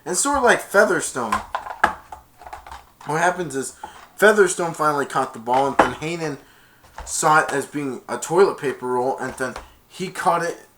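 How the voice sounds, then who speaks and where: A man reviewing a movie casually retells its plot, chaining events together with "and then" and breaking into loud, high-pitched impressions of the characters. He talks at a normal speed over a noisy background.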